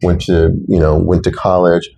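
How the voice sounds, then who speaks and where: A man's voice: low voice, flat delivery, normal speed, creaky, dark tone, a little hiss or hum. A middle-aged man from Texas, a city council candidate, telling personal stories earnestly in an interview. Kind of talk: interview conversation.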